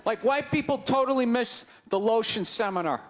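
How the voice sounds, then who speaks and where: A man with a Boston accent doing a stand-up set on stage, ranting in loud, exasperated bursts that break into shouts. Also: very high voice, expressive, moderate pace. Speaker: stand-up comedian. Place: live comedy stage before an audience. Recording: live crowd laughter, faint background noise. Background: audience laughter.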